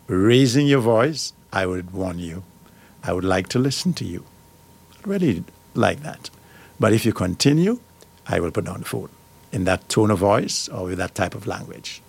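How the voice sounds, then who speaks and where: A man's voice: fairly low pitch, vocal fry, a little mellow, breathy edge. Firm middle-aged man hosting a radio talk show. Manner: reads out points, then breaks off into firm personal asides.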